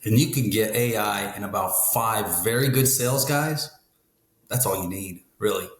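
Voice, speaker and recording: A man's voice: on the low side, normal speed. Guest guy talking business, matter-of-fact, keeps saying right?, echoey room. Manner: matter-of-fact, leans on tag questions like "right?". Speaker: guest, car dealership expert. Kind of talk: casual interview talk. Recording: roomy echo.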